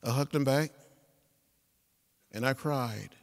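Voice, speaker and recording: A man, giving an inspirational speech in a rhythmic, preacher-like cadence with repeated phrases that swell to loud peaks. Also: mid-range voice, slow pace, creaky. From Alabama. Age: 70s. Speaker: guest speaker. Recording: long reverb of a big hall.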